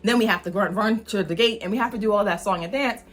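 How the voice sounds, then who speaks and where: A woman's voice: mid-range voice, fast. A middle-aged mother telling a travel story in a casual, chatty way, sometimes acting out the people she quotes.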